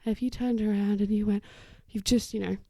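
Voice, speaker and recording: A woman's voice: mid-range voice, steady tone, fairly quick, no echo. A woman hosting an occupational therapy podcast, explaining ideas in a casual, chatty way and briefly acting out the voices of the people she quotes. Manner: warm explanatory, acts out little quoted voices. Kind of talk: casual educational talk.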